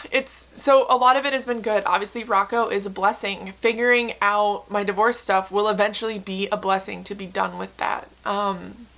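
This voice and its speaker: A woman's voice: medium pitch, fairly even intonation, normal speed, gravelly, a bit bright. A young woman in a candid, emotional chat to camera, talking earnestly with many fillers and some swearing. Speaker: book vlogger.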